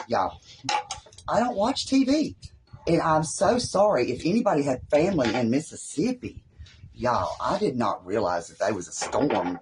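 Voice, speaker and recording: A man's voice: mid-range voice, darkish tone, a little hiss or hum. A man with a Southern US accent hosting a live craft tutorial at home, rambling and folksy as he works. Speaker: craft host.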